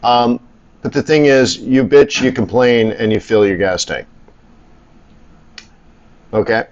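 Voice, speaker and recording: A man's voice: medium pitch, slow pace. A middle-aged man hosting a live trading stream. He talks in a rambling, blunt, casual way, grumbles and swears now and then. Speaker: live stream host, forex trader. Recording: slightly dull lo-fi audio.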